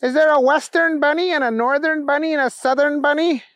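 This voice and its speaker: A man voicing an excitable, hot-dog-loving adult man who wails in a high, whiny squeal. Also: fairly quick, no echo. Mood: flustered.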